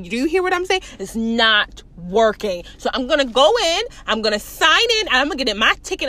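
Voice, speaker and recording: A woman's voice: high voice, bright, forceful tone. Defensive Puerto Rican man, repeats himself, argues back; a woman puts him on. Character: indignant Puerto Rican man at airport security.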